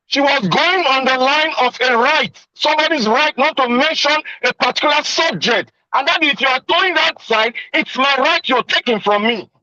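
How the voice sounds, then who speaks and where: A man's voice: extremely high pitch, moderate pace, hardly any pauses, sharp tone, no echo, highs cut off. A man calling into a radio show, arguing heatedly and defensively. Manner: heated, defensive, talks over others. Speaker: caller.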